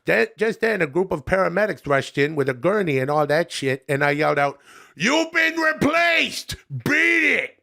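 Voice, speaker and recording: A man doing a comedic impression of a goofy middle-aged comedian reviewing restaurants, drawn-out and sing-song, calling everyone pal and buddy. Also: on the high side, creaky, fairly bright tone, voice pushed up. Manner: ends lines with "pal" and "buddy".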